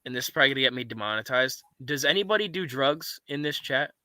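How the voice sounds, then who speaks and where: Man, streamer, profane casual chat, lively swings, sharp bright voice, faint noise. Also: medium pitch, quick pace, no echo.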